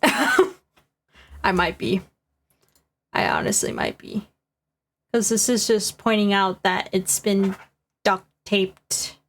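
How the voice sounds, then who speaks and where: A woman's voice: medium pitch, huge pitch swings, slow pace, gravelly, long pauses. A woman streamer giving casual, giggly, self-questioning commentary while playing a game.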